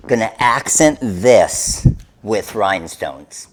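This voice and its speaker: A man leads a live craft tutorial, explaining each step to his viewers. He talks at an unhurried, deliberate pace, his pitch sitting in the middle range. His manner stays upbeat and hands-on. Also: animated. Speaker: craft demonstrator.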